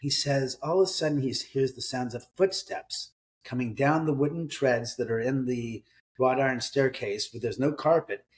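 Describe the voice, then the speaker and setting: A man's voice: mid-range voice, normal speed. A middle-aged man, an author, telling ghost stories in a casual interview, acting out quoted voices and swearing now and then. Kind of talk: conversational storytelling in an interview.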